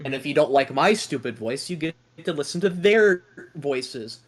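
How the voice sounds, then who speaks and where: A man's voice: fairly high pitch, lively intonation, moderate pace. A young man hosts a casual online podcast, joking around and rambling through questions in a self-deprecating way. He talks over a remote call mic. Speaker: podcast host.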